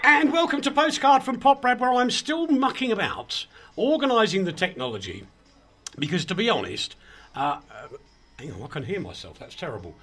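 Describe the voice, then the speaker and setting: A man's voice: sits high, expressive, moderate pace, fairly bright tone, husky. A man hosting an online radio show in casual, self-mocking chat, flustered while he fights with his equipment.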